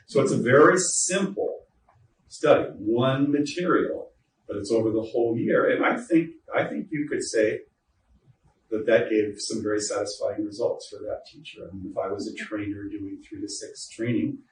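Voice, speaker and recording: A man's voice: lowish voice, normal speed. A man giving an informal workshop lecture to teachers, chatty and joking, with asides to the audience. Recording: roomy echo, distant mic, faint noise.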